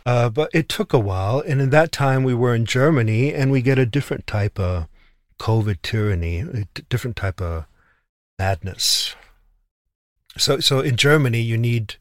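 A man recounts a journey in an indignant, casual way, often doubling and restarting his words. His voice sits at an ordinary middle pitch. The recording is close and dry. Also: dry recording. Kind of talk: casual storytelling.

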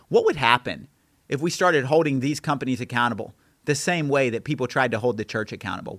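A man preaching a fiery sermon in a somewhat high voice, hammering home each point with repetition. The sound is close and dry, with no room around it. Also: a bit bright, no echo. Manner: preaching with rising intensity and repeated challenges. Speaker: pastor. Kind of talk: impassioned sermon.

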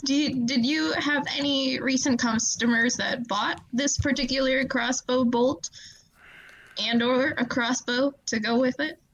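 A woman's voice: high voice, steady tone, takes it slowly, a bit bright, dull audio. A woman playing in a tabletop game podcast, talking hesitantly and stumbling over her words. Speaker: player. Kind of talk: casual tabletop role-play.

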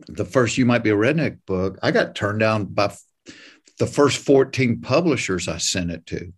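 A comedian from Georgia with a Southern US accent tells stories as a guest in a casual interview. His voice is on the low side and slightly rough, and his anecdotes come out folksy, plainspoken, and animated.

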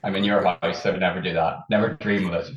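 A man's voice: low voice, steady tone, brisk, echoey room, muffled recording. A man with an Irish accent, a podcast guest, chatting casually and laughing, often restarting his sentences. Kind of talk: casual chat.

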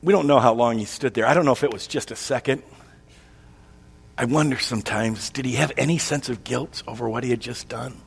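Husky male preacher in a reverberant hall. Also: mid-range voice, fairly quick. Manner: dramatic, swings between soft and loud. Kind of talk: sermon retelling a story. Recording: long reverb of a large hall.

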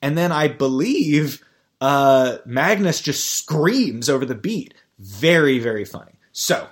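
A man's voice: mid-range voice, lively intonation, slow pace, husky. A man recapping a cartoon episode in casual chat, rambling, restarting sentences and amused. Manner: rambling, self-interrupting, amused. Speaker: podcast host recapping a cartoon.

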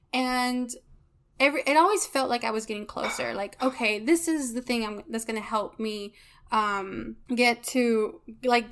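A woman's voice: a little high, a bit bright. Frank, profane woman venting on a podcast. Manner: frank and heavily profane, frequent "like" fillers; emotional and confessional, venting frustration. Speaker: podcast host. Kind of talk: candid solo podcast monologue.

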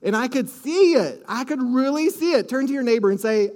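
A man preaching a sermon, telling a story with lively swings between hushed asides and loud excited exclamations, calling out to the congregation. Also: extremely high pitch, fairly quick. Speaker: pastor. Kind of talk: sermon with audience call-and-response.

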